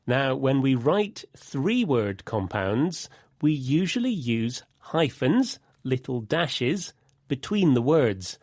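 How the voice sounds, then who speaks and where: A man co-hosting a scripted English vocabulary lesson, explaining in a clear, deliberate way. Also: medium pitch, big pitch swings, darkish tone, no echo, clean studio sound. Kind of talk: scripted teaching dialogue.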